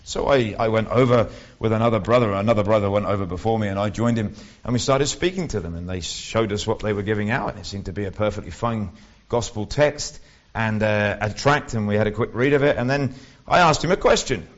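A man's voice: on the low side, a little fast. A man preaching a sermon in a conversational way, with wry asides and frequent restarts. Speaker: lay preacher. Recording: dull lo-fi recording.

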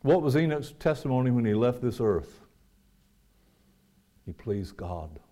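A man preaching a sermon, rising to loud emphatic peaks and dropping to quiet, low asides. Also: very animated, unhurried.

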